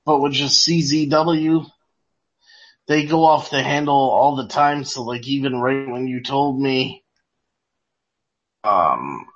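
A man's voice: medium pitch, slow, long pauses, fairly bright tone. A man co-hosting a casual wrestling chat, laid-back and drowsy, laughing easily. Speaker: podcast co-host. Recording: dull lo-fi audio.

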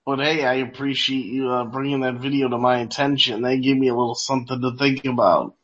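A man's voice: mid-range voice, level tone, brisk, a bit bright. A man co-hosting a casual wrestling chat, laid-back and drowsy, laughing easily. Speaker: podcast co-host. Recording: dull lo-fi audio.

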